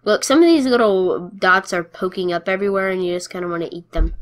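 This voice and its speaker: A woman giving casual gameplay commentary, playful and excitable, cheering her wins and taunting the other players. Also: lowish voice, fast.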